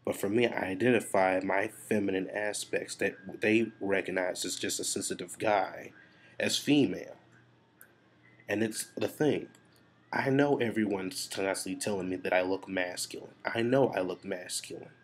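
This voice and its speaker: A vlogger with a deep, low voice talks at normal speed in a steady tone, addressing the camera confessionally. Stressed and frustrated, he wanders from thought to thought out loud, cursing freely.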